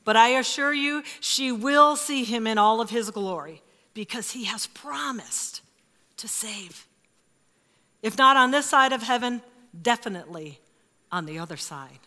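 Bright-voiced woman pastor preaching. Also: a little high, moderate pace. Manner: expressive, emphatic, dropping to hushed asides. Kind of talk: sermon. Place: church. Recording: reverberant church hall.

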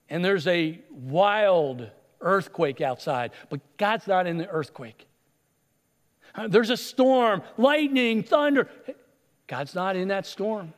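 A man preaching a sermon, retelling stories with animated delivery and acted-out voices. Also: high voice, long reverb tail. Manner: animated storytelling, acts out voices. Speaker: pastor.

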